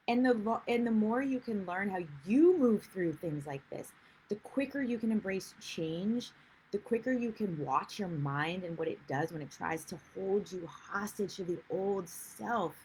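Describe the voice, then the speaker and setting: A woman's voice: medium pitch, animated, measured pace, darkish tone, slight background noise, low-quality recording. A woman life coach giving a chatty, rambling livestream talk and greeting viewers as she goes. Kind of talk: live-streamed coaching talk.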